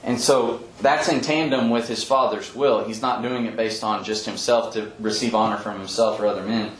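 A man leading a Bible study, explaining scripture earnestly with frequent pauses and ums, often quoting verses. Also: on the low side, steady tone, slight background noise. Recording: echoey room with faint ambience.

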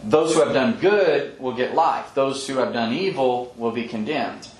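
A man's voice: mid-range voice, a little slow. Guy explaining bible verses to a study group, earnest, kinda echoey room. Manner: earnest, explanatory, quotes scripture, frequent ums. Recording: echoey room with faint ambience.

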